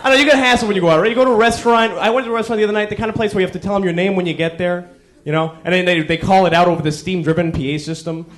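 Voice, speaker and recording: A man doing a stand-up routine, telling stories in an animated, exasperated way. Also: high-pitched, very fast. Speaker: stand-up comedian.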